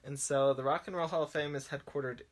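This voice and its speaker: A man's voice: on the high side, steady tone, fast. A man co-hosting a podcast in casual news chat, chatty and full of fillers like "like", laughing at himself. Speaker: podcast co-host.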